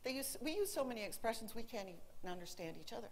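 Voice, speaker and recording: A woman in her forties speaks from a stage in a large auditorium, teaching about the language. Her voice sits a little high. She tells stories with lively swings up and down. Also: quick pace. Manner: animated storytelling, quoting her son in a put-on teen voice. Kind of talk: conference talk to a live audience.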